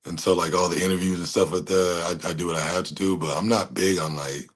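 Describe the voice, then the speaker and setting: A man's voice: low-pitched, fairly even intonation, fast talker, husky. A man in his thirties, a fighter giving a casual interview, laid-back, laughing often and swearing casually. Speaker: fighter guest.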